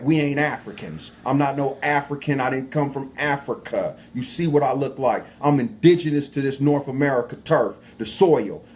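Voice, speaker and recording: A man's voice: mid-range voice, a little hiss or hum, rough recording. Preachy, emphatic man lecturing in slang. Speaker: guest speaker. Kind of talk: livestream talk show discussion.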